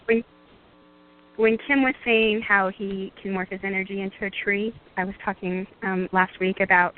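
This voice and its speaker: A woman calling in to a radio show, talking gently and rambling with many pauses and soft laughs. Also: mid-range voice, little pitch movement. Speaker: caller. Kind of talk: casual call-in question. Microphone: phone call. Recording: tinny phone line.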